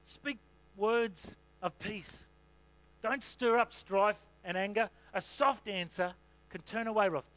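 A man's voice: high voice, steady tone, takes it slowly, fairly bright tone. A man preaching a sermon in a conversational, humorous way, with asides and fillers. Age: adult parent.

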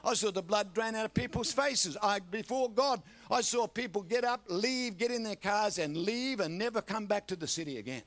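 An older Australian man preaching a sermon, telling a story with lively energy and often calling out to the congregation. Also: high voice, normal speed, hardly any pauses. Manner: animated storytelling with repeated audience call-outs.

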